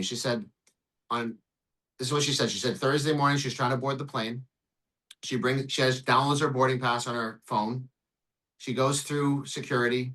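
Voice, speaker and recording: A man who works as an immigration lawyer, telling a case story in an interview in an animated way, swearing and acting out the dialogue. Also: medium pitch, fairly quick, low-quality recording. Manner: animated, profane, acts out dialogue.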